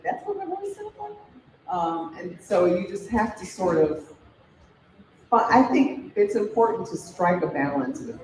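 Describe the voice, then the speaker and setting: A woman's voice: sits low, mellow, distant mic, a little hiss or hum. A middle-aged woman from Chicago, a TV news anchor, speaking conversationally with fillers at a fireside chat. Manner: conversational, thoughtful with many fillers. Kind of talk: fireside chat answering questions. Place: large hall event. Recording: roomy hall audio from afar.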